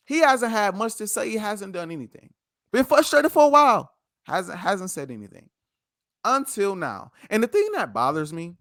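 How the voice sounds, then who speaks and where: A man's voice: high voice, a bit bright, no echo, clean studio sound. A man co-hosting a sports podcast, ranting passionately and repeating himself for emphasis in a heated debate.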